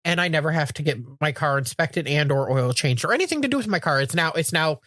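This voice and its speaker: A woman's voice: sits low, quick pace, dry recording, studio quality. A middle-aged woman co-hosting a podcast, telling stories in casual chat, acting out quotes with frequent swearing. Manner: animated storytelling with acted-out quotes, frequent swearing. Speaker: podcast co-host.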